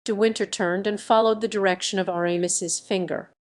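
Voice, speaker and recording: A woman narrating a classic adventure novel as an audiobook, reading in an even, measured way. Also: mid-range voice. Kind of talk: scripted narration.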